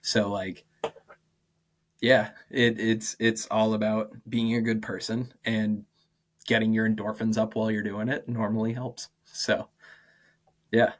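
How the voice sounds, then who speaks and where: A man's voice: on the low side, unhurried, pauses often. Chatty young man telling teaching stories. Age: 20s. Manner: animated, acts out quoted dialogue, many "like" fillers, laughs often. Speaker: podcast guest, martial arts and PE teacher. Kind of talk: casual interview storytelling.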